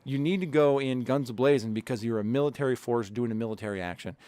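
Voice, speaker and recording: A man's voice: mid-range voice, fast, mellow, no echo. A man co-hosting a podcast, ranting angrily and swearing a lot as he argues his point. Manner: profane, angry, emphatic. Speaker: podcast co-host. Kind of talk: heated casual podcast rant.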